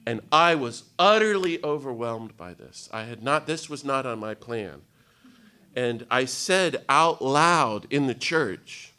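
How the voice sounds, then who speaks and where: A man in his fifties giving a storytelling talk to an audience at a retreat day, animated and self-mocking with humor. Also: mid-range voice, slow pace, clean tone. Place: meeting room with live audience.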